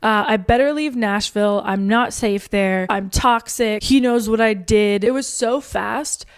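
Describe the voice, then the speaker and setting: A woman's voice: mid-range voice, a little slow, smooth. A woman telling a frightening personal story with an intense, snarky edge. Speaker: guest recounting a story. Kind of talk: candid storytelling.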